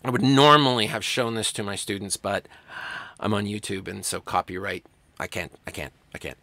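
A man teaching a college writing class in a recorded lecture, conversational and animated, acting out quoted lines along the way. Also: lowish voice, moderate pace, dry recording.

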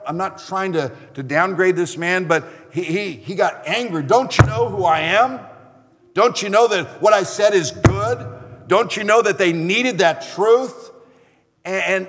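Pastor guy preaching, kinda high voice, earnest, lots of restarts, echoey church hall. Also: a bit bright. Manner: earnest storytelling, halting restarts. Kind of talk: sermon. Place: church sanctuary.

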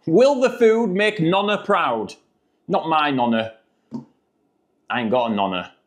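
A man's voice: a little high, expressive, a little slow. Jokey guy reviewing food. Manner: jokey, chatty. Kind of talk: casual vlog food review.

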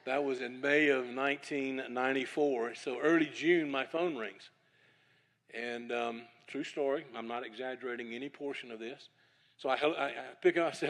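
Middle-aged preacher telling a humorous story. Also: male voice, medium pitch, normal speed. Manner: lively, humorous storyteller who keeps saying it is a true story. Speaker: conference speaker, preacher. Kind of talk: anecdotal storytelling sermon. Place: church, evening service.

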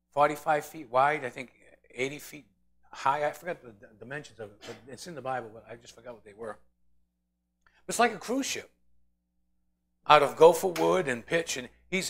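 A man leads a Bible study in a loose, conversational sermon. His voice sits a little high for a man. He tells the story with energy and slips into the voices of the characters as he goes. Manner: animated storytelling, acting out quoted voices. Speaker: pastor teaching Bible study. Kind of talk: informal sermon.

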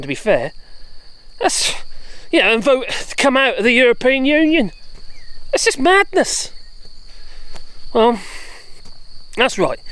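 A woman rants on a casual vlog while out walking her dogs, exasperated and sarcastic with a chatty tone. Her voice sits high and swings widely in pitch. It is recorded on a phone or camera she holds as she walks. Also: fairly bright tone, no echo. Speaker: vlogger. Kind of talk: ranting political vlog.

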